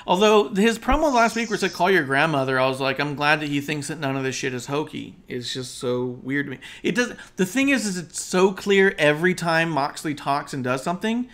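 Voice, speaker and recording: A man's voice: on the high side, fairly bright tone. A man co-hosting a casual wrestling talk show over an online call, emphatic and opinionated, rambling with fillers. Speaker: podcast co-host.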